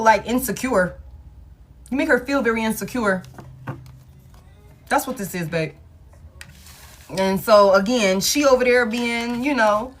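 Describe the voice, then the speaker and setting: A woman's voice: a little high, a bit bright. A woman giving a live tarot reading to a caller, talking casually and emphatically, repeating her points and swearing freely. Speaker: tarot reader.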